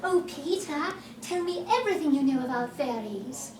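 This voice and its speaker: A woman doing a gentle, curious young girl. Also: sits high, expressive, moderate pace. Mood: wondering. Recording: roomy hall from a distance with noise.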